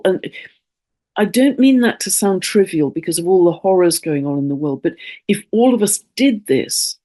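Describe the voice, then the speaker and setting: A woman's voice: sits low, warm tone. A woman astrologer talking in a casual spoken monologue, earnest and rambling, often restarting her sentences and at times stirred up with emotion.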